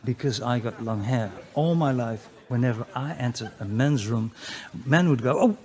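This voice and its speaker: A man's voice: medium pitch, moderate pace, a little mellow. A man giving a crude, brash comic talk to an audience, often jumping into mock voices. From Netherlands. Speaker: conference speaker.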